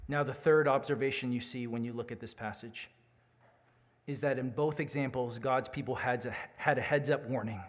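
A man's voice: mid-range voice, fairly even intonation, normal speed. A man preaching a sermon as a pastor, candid and earnest, building to urgent appeals. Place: church sanctuary. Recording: long hall reverb.

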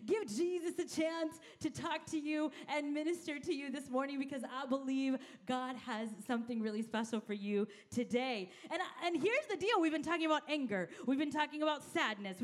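A middle-aged woman pastor giving an energetic, conversational sermon and calling out to her congregation. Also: high voice, a little fast, few pauses.

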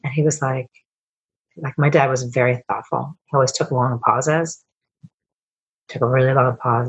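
A middle-aged woman, a coach and founder, telling personal stories as a podcast guest, emotional and swearing freely as she rambles with quick restarts. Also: a bass voice, steady tone, slightly rough. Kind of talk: candid storytelling interview.

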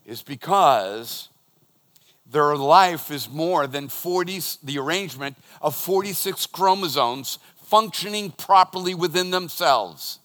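A middle-aged pastor preaching with a bright, forceful tone that rises and falls from loud emphasis to hushed storytelling. His voice sits a little high for a man. It rings out with the long reverb of a church auditorium. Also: a little slow. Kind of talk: sermon.

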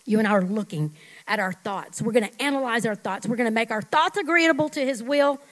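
A middle-aged woman pastor preaching a sermon, emphatic, leading the congregation in call-and-response and dropping at times to a hush. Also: a little high, expressive, brisk, poor audio. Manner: emphatic, swings from loud to hushed.

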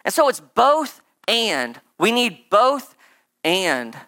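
A preacher giving a casual, conversational sermon, rambling and animated with lots of "like" and "right?" asides. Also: mid-range voice, takes it slowly.

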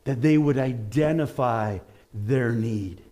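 A man preaching a sermon in an animated way, rising to shouts as he acts out the stories he tells. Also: mid-range voice, takes it slowly. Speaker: pastor.

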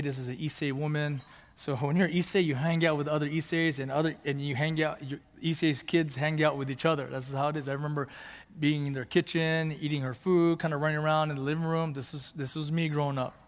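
Man, pastor, storytelling sermon, slightly high voice, long church reverb. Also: steady tone, fairly quick. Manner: conversational, building to fervent emphasis; mixes in Japanese phrases.

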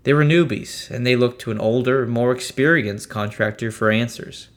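A man narrating a first-person story in a steady, measured way. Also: medium pitch. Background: faint music.

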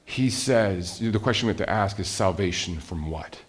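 A man preaching a sermon as a pastor, animated, with rhetorical questions and swings from loud emphasis to quiet asides. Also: low-pitched, moderate pace.

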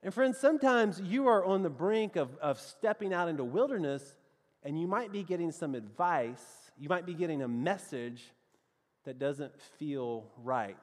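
A Southern-accented pastor tells a story from the pulpit, calling out to his congregation as friends. His voice sits a bit high for a man and keeps an animated, storytelling lilt. The sound rings with the long reverb of a large hall. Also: normal speed. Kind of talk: sermon with a personal story.

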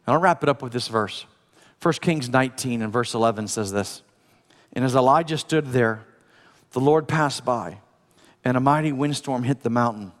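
A male pastor preaching a conversational sermon, swinging from loud, urgent passages to hushed, soft ones. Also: medium pitch, in a large hall. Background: music.

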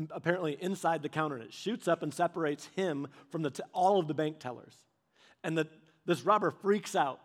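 A man preaching a sermon, telling stories with animated delivery and acting out quoted voices. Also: high-pitched.

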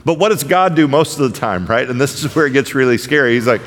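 A man's voice: expressive, fast, hardly any pauses. A man preaching a conversational sermon to a congregation, often checking in with "right?" and acting out quoted voices with sarcasm. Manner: acts out quoted voices with sarcastic rises in pitch. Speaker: pastor. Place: church sanctuary. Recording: hall reverb.

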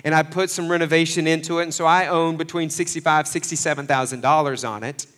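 A man preaching a sermon, swinging between loud, fervent passages and hushed asides, acting out the voices he quotes. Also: a little high, fairly even intonation, fast talker. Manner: acts out quoted voices with folksy phrasing. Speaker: pastor.

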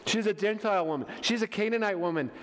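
A man's voice: high voice, quick pace, lightly acted. A man playing impatient, annoyed male disciples who brush someone off, in a hall with long reverb.

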